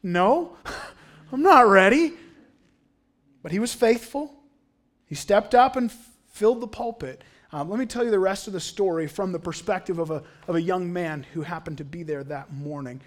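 A man preaching a sermon in a church, telling a story and reading its quotes aloud with drama. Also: sits high. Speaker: pastor.

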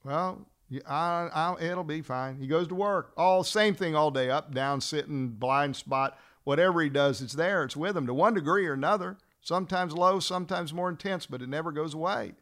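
A man teaching fellow trial lawyers, telling a story and acting out the dialogue, then slowing down to stress his key points. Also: on the high side. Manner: acts out dialogue in a lively storytelling way. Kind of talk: storytelling lecture.

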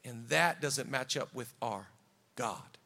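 A man's voice: mid-range voice, slow pace, vocal fry, sharp tone. A man preaching a sermon as pastor in a church, conversational and fervent by turns. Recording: reverberant hall.

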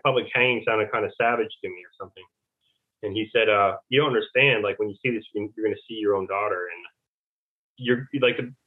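A man speaking as a guest over the phone, rambling and full of fillers, often retelling conversations. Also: fairly low pitch. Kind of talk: rambling phone interview storytelling. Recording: tinny phone line.

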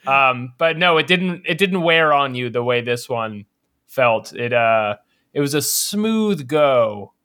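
A man co-hosting a movie podcast, joking around in casual, animated chat. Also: mid-range voice. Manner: joking and animated, quick wisecracks. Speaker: podcast co-host.

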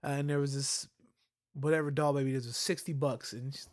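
A man's voice: medium pitch, fairly even intonation, fairly quick, heavy background noise. A young adult man telling a story in a casual chat, acting out the voices of the people in it. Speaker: podcast co-host.

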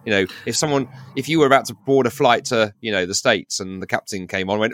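Fast-talking low-voiced English man. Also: a bit bright, dry recording, studio quality. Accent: Received Pronunciation English. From South London, England. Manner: rapid, chatty, many restarts and "you know"s, playful. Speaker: podcast co-host. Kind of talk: casual chat.

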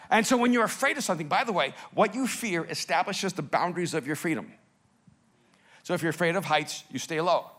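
A man from El Salvador preaching a sermon, telling stories with big swings from soft to loud. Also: sits high. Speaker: pastor.

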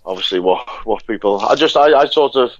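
A man's voice: medium pitch, expressive, fairly quick, no room sound. Male actor guest, talkative and laughing, many restarts; lo-fi sound. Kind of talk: casual interview chat. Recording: dull lo-fi sound.

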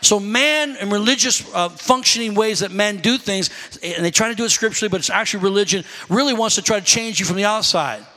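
A man's voice: sits high, fast talker, bright, forceful tone, big-room sound. A man preaching a sermon, telling stories animatedly and calling out to his congregation. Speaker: pastor.

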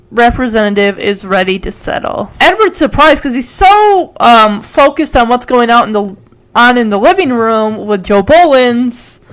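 A woman's voice: on the high side, poor audio. Chatty woman recapping an episode. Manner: chatty, acting out quotes. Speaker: recap host.

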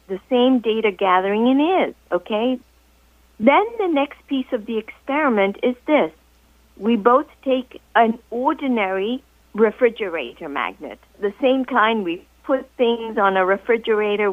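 A woman's voice: on the high side, no room sound. Woman on a tinny phone line. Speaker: guest author. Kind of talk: storytelling in a radio interview. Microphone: telephone.

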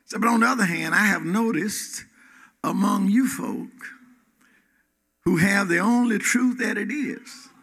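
Man preaching, bright voice, echoing church hall. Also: high voice, a little slow, pauses often, breathy edge. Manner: rhythmic preaching with sudden rises and drops, calls to the congregation. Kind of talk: sermon. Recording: reverberant hall.

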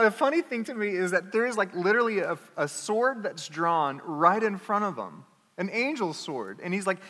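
A man preaching a sermon as pastor, telling a story in an animated way and acting out the characters. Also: sits high, moderate pace, in a large hall. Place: church.

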